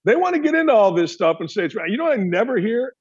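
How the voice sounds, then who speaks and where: A man's voice: sits high, sing-song, fast, husky, muffled recording. A man hosting a sports talk show, delivering a heated, opinionated monologue full of rhetorical questions. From Gary, Indiana area.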